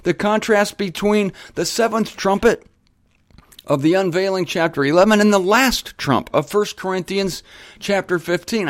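A man's voice: high-pitched, no echo, studio quality. Emphatic, rambling man teaching scripture. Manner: emphatic, digressive, talks straight to listeners; spells words out letter by letter. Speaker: Bible teacher and show host. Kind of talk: conversational Bible teaching.

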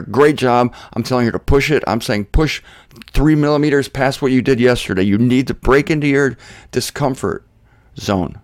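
An older man preaching a sermon, emotional and rambling, often restarting his sentences and swinging his pitch up and down. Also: no room sound, clean studio sound. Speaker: pastor.

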